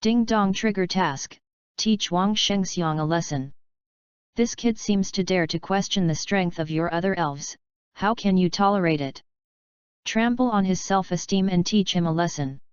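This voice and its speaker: A cold game system voice issuing tasks and reading stats as flat lists, read by a woman with a low, smooth voice. Dry, slightly dull storybook recording. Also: measured pace, no room sound, natural voice.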